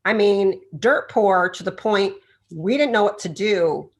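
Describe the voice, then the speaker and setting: A middle-aged woman, a chiropractor guest on a podcast interview, telling stories in an animated way and acting out the voices of the people she quotes. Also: medium pitch, measured pace. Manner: animated storyteller who acts out quoted voices.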